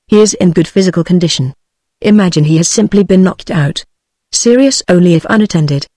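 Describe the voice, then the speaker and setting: A synthetic British English woman's voice reading a novel aloud with an even, steady audiobook delivery. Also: lowish voice, a little fast, no room sound. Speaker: audiobook narrator.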